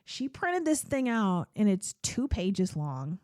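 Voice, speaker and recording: A woman's voice: mid-range voice, big pitch swings, slow pace, darkish tone, no echo, studio quality. A woman hosting her own podcast, talking candidly and chattily about her therapy, laughing often and tearful at times. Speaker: podcast host. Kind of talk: personal solo podcast talk.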